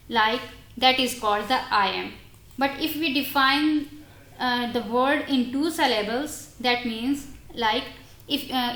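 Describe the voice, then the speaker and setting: A woman giving a recorded university lecture on English literature, halting and restarting her explanations as she speaks directly to her students. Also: sits high, a bit bright. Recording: roomy echoey recording.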